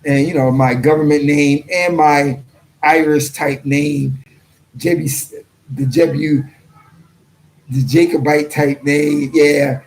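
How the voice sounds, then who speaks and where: A man's voice: a little high, fairly even intonation, slow, darkish tone, poor audio. Blunt man rambling on a livestream. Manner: rambling and blunt, frequent throat-clearing. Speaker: channel host reading viewer comments. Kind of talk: casual livestream commentary.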